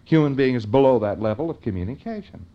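A man's voice: medium pitch, expressive, fast talker, dull audio. A man giving an informal lecture in a conversational way, often checking in with his listeners.

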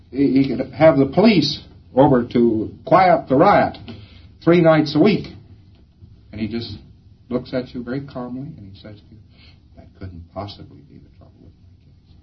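A man's voice: mid-range voice, muffled recording, a little hiss or hum. A man giving a rambling, folksy lecture that slips into acted-out bits of dialogue. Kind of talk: recorded lecture.

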